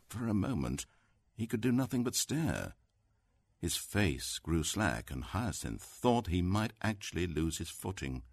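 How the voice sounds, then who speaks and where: A man narrating a story in an audiobook with dramatic, expressive delivery. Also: rumbling low, normal speed, slightly rough, no room sound.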